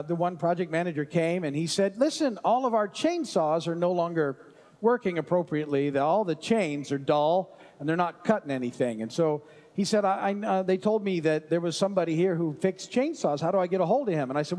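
A pastor telling a personal story in a relaxed, conversational sermon, with frequent restarts and asides. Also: male voice, high-pitched.

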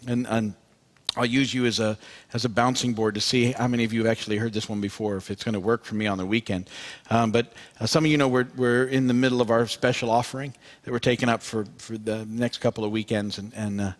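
A man's voice: mid-range voice, flat delivery, fast talker. A man preaching a sermon to his congregation as pastor, speaking conversationally with many fillers and repeated words.

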